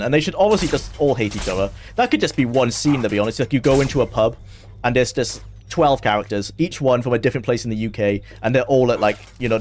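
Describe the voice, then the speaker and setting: A man's voice: medium pitch, slight background noise. Chatty man streaming a game. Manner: rambling, chatty, quick to laugh. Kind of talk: casual live-stream gameplay commentary.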